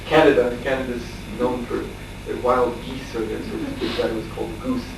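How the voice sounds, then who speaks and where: A male monk tells a long anecdote during a scripture class in a relaxed, conversational way, with frequent chuckles and hesitant fillers. His voice sits at an average pitch. The recording is distant, heavily reverberant and carries a faint hiss. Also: brisk, vocal fry. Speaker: monk lecturer. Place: lecture room at a farmstead. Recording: echoey room, distant mic, faint hiss.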